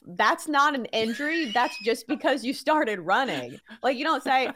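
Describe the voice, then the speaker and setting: A woman's voice: high voice, expressive, normal speed, a bit bright. A young woman hosting a sports betting podcast, chatting playfully and saying "like" often. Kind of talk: casual chat.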